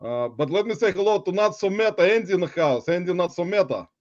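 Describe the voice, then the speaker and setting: A man's voice: sits high, animated, fast talker, no echo, lo-fi sound. A man hosting a live stream in playful chat, mock-dramatic and theatrical, laughing often. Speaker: livestream host.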